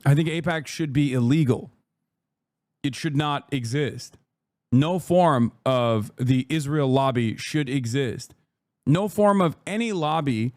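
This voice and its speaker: A man's voice: medium pitch, takes it slowly, darkish tone, no echo. A man reacting to an interview clip in casual commentary, blunt and profane, mocking the clip and laughing often.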